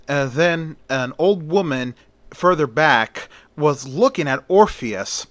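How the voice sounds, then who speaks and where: A man retelling a story in a casual, conversational way, now and then pausing on fillers. His voice is bright and forceful, and the recording is close and dry. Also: medium pitch, no room sound.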